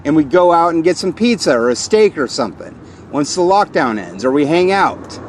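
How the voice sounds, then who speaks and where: A man in his forties with a high-pitched voice, venting a repetitive, accusing rant. He keeps hammering the same lines and keeps pushing himself louder. Loud traffic noise rumbles behind him outdoors. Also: big pitch swings, moderate pace. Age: 40s. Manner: repetitive, accusing, escalating into shouted outbursts. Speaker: vlogger. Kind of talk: angry rant to camera.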